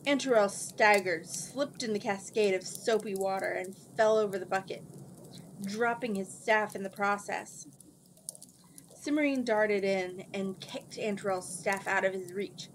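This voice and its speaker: A woman reading a children's fantasy novel aloud in steady storybook narration. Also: medium pitch, slight background noise, low-quality recording. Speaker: book reader.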